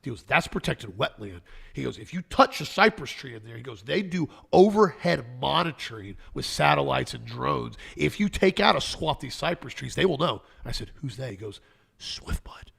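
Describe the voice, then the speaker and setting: Very gravelly, husky male talk host. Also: medium pitch, brisk, few pauses. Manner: animated storyteller acting out quoted dialogue. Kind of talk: conservative health talk show banter.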